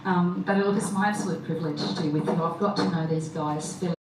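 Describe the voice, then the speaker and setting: A woman's voice: on the low side, steady tone, quick pace. A woman, a wedding celebrant speaking to the guests in a chatty, upbeat way. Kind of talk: officiating a wedding ceremony. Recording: echoey, distant, noisy.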